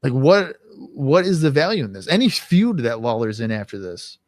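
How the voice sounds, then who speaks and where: A man's voice: medium pitch, sing-song, normal speed, no echo, clean studio sound. A man co-hosting a casual podcast, ranting and swearing often as he reviews a wrestling show. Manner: ranting, swears often, acts out quoted voices. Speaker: podcast co-host.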